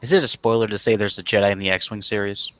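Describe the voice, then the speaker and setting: A young man co-hosting a casual chat, relaxed and enthusiastic, with lots of fillers. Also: fairly low pitch, fast talker, no echo. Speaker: podcast co-host.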